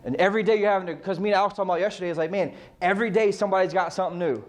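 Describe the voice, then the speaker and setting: A man's voice: high voice, fairly even intonation, racing. A man coaching a real estate team in a casual motivational talk, firing off rhetorical questions and swearing freely.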